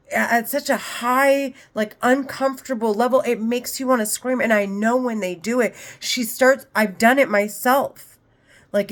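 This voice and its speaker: Lady in her 40s ranting straight to camera, fired up, swearing a lot, medium-pitched voice. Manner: heated, profane, repetitive rant. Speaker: vlogger. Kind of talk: unscripted monologue to camera.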